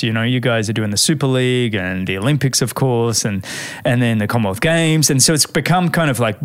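A man's voice: medium pitch, dry recording. A man hosting a casual interview podcast, chatty and friendly in tone, calling his guest mate. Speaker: podcast host.

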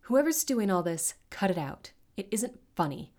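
A woman's voice: medium pitch, big pitch swings, normal speed, pitched above the performer's own voice, close to an everyday voice. A woman voicing a skeptical, outspoken teenage girl in a storybook reading. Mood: indignant. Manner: forceful, indignant. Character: bold, skeptical teen girl.

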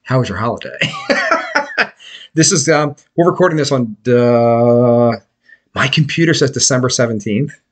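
A man's voice: mid-range voice, sing-song, measured pace, long pauses. A man hosting a podcast, telling rambling, profane stories full of restarts in casual chat. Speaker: podcast host.

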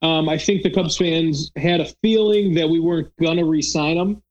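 Talky guy on a podcast, kinda high voice, rambles with lots of likes. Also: moderate pace, lo-fi sound. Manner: chatty, rambling, lots of "like" fillers. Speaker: podcast host. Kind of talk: casual chat.

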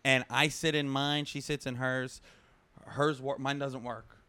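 A man's voice: mid-range voice, flat delivery, a little slow, pushed and bright, clean tone, no room sound. A male comedian co-hosting a podcast, telling a self-deprecating story in casual chat.

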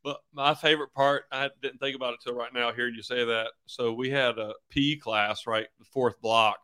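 A man's voice: medium pitch, fairly even intonation, normal speed, pushed and bright, clear, resonant tone. A middle-aged man, a football coach, chatting easygoingly as a podcast guest and acting out quotes in his stories. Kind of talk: casual interview chat.

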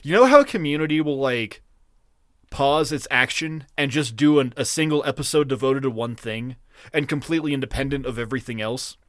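A man co-hosting a podcast in casual chat, rambling, profane and excitable. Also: medium pitch, fairly quick, dry recording, studio quality. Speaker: podcast co-host.

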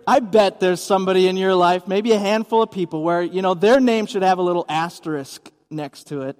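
A pastor delivers a sermon at a church service held in a gymnasium, talking conversationally and putting questions to the congregation. His voice sits high and is a little mellow, clear and resonant, at a moderate pace, with a long reverb tail trailing behind.

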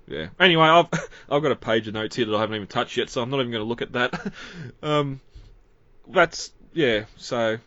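A man's voice: mid-range voice, fairly quick, pushed and bright, dry recording, lo-fi sound. A man in casual film talk, chatty and laughing between points.

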